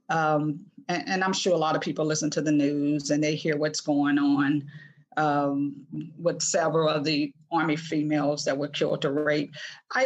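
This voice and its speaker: Earnest older woman, halting speech. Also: deep voice, lo-fi sound. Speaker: interview guest, author. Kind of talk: podcast interview.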